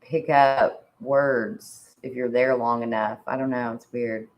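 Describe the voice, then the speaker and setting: Casual female co-host with a very low voice; chatty, giggly, rambling. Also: steady tone, takes it slowly, dull audio. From Indiana. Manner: chatty, laughs often, says "like" a lot. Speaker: podcast co-host. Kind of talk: casual chat.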